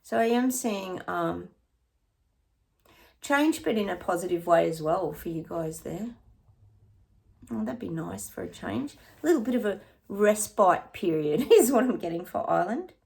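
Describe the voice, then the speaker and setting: A woman's voice: mid-range voice, expressive, measured pace, gravelly, darkish tone. A woman psychic chatting through her predictions in a rambling, casual way, sometimes dropping to a near-whisper.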